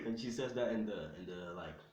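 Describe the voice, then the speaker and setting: A man's voice: fairly low pitch, slight background noise. Rambling young man in an echoey room. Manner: rambling, slangy, full of fillers. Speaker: storyteller. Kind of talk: casual fan-fiction storytelling.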